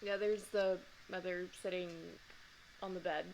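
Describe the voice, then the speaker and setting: A woman's voice: fairly low pitch, steady tone, a little slow, a little hiss or hum, rough recording. A young woman hosting a read-aloud of a children's book, adding chatty asides. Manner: chatty asides between reading.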